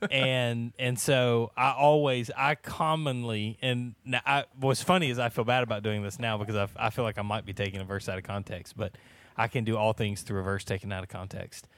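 Man, 30s, laid-back Bible study leader, jokey, laughs a lot, mid pitch. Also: fairly even intonation, a little fast, fairly bright tone, dry recording. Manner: joking, laughs often, many restarts. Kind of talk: casual church Bible study chat.

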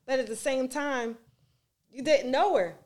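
Woman giving calm, reasoned advice. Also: sits high, a little slow. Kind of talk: casual group discussion.

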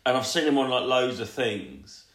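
Male podcaster, crude and rambling, animated delivery, roomy sound. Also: mid-range voice, moderate pace. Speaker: podcast co-host. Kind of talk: casual storytelling chat.

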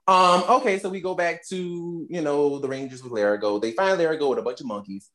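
Low-voiced woman recapping a movie. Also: a little fast. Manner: animated storytelling, acts out characters' lines. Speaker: podcast co-host recapping a movie. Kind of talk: casual chat.

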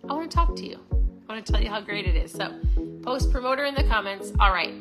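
A woman in her forties hosting a casual motivational talk, upbeat and chatty, often tossing in a quick "right?" to her listeners. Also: on the high side, very animated, over music. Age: 40s. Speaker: host.

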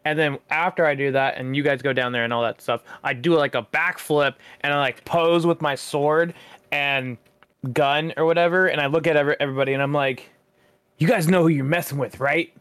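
A man's voice: on the high side, steady tone, fairly quick, a bit bright, clear, resonant tone, dry recording. A man playing a tabletop game, hyped and slangy as he narrates his character's moves. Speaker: player.

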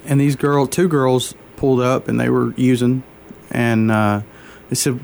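A man as an interview guest, telling a personal faith story in an earnest, halting way, openly moved. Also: mid-range voice, level tone, vocal fry, darkish tone, slight background noise. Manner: earnest, halting, many fillers and restarts.

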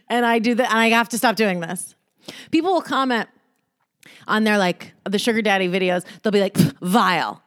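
A woman's voice: fairly high pitch, a bit bright, no room sound, clean studio sound. A woman hosting a podcast on her own, talking casually in a sassy, profane way, with frequent laughs and mocking voices. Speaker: podcast host. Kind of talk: casual solo podcast monologue.

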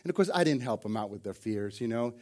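A man's voice: medium pitch, expressive, quick pace, a little mellow. Folksy joking pastor, a man. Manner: folksy storytelling with jokes, repeated starts and "man". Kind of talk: sermon. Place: church service before a congregation.

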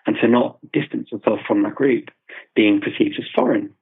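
Over audio resembling a remote call on a phone, a British man with a slightly rough, medium-pitched voice speaks at a moderate pace. As a polyglot guest in a conversational interview, he thoughtfully explains his views, restarting his sentences often.

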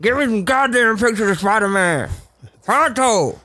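Man puts on a demanding editor, barking orders, bright and forceful. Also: high-pitched, animated, normal speed, no room sound, voice pushed up. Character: gruff shouting male newspaper editor.

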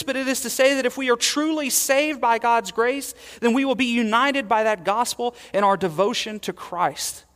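A man preaching a sermon as pastor, earnest, swelling loud and then dropping to quiet emphasis. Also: high voice, vocal fry, long reverb tail.

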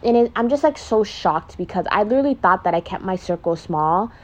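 This young pregnant woman hosts a makeup podcast as a vlogger and chats in a casual, confessional way, frank, profane, and packed with "like." She's emotional, speaking briskly in a mid-range voice with lively intonation.

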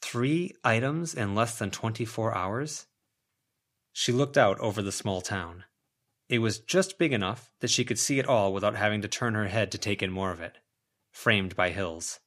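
A man narrating a fan-made audiobook of a web serial in an even, measured way. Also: on the low side. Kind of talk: audiobook reading.

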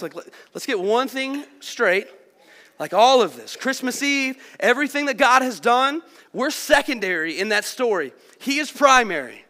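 A man's voice: extremely high pitch, animated, normal speed, sharp tone. A man preaching a sermon to his church in a conversational, earnest way, often dropping in "like" and "man". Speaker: pastor. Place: church sanctuary. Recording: long hall reverb.

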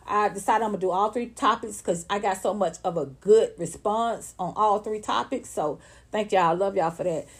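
A woman's voice: mid-range voice, normal speed, breathy edge. A woman with ranting bluntly and with a lot of profanity, mocking others in put-on voices as she hosts casual online talk.

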